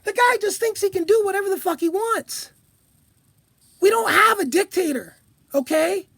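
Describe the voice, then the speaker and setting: Woman vlogger, very high-pitched, heated profane rant, dry close sound. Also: animated, normal speed, no echo. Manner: profane, heated, shouting at times. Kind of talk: angry political rant.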